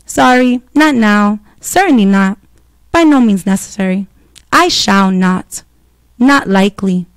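A woman, hosting a casual solo talk show, blunt and profane, telling stories with quick asides. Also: mid-range voice, expressive, no room sound. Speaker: podcast host.

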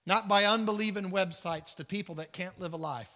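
A man's high, pushed and bright voice moves a little fast with few pauses as he leads a Bible study in a Southern US accent. His earnest, sermon-style teaching includes stories with acted-out voices, recorded with church hall reverb.

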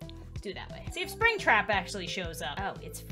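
A young adult woman doing Let's Play commentary, excitable and jokey, scolding and cheering the characters in her game. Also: medium pitch, brisk. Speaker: gaming YouTuber. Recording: game music behind.

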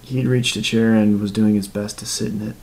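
A male narrator tells a dark horror story at a measured pace. His voice sits low and has a gravelly, fried texture. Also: little pitch movement, poor audio. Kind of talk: scripted narration.

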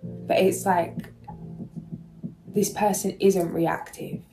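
In a slow, gravelly, low-pitched voice with a flat delivery, a woman does a gentle spiritual tarot reading for viewers, emotional and at times reaching for words. The recording is low quality, with soft music underneath.

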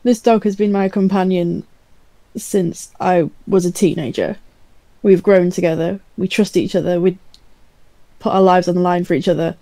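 A woman's voice: fairly low pitch, steady tone, normal speed, mellow, poor audio. A woman playing a tabletop game in character, blunt and matter-of-fact. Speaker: player.

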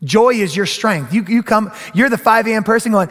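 A middle-aged man preaching a sermon as pastor, animated and often acting out other people's voices. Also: high voice, brisk, few pauses, in a large hall. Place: church sanctuary.

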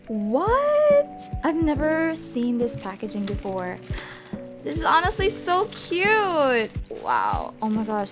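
A young woman excitedly unboxing albums in a vlog, gasping and squealing with delight. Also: mid-range voice. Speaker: book and K-pop vlogger. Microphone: desk USB microphone.

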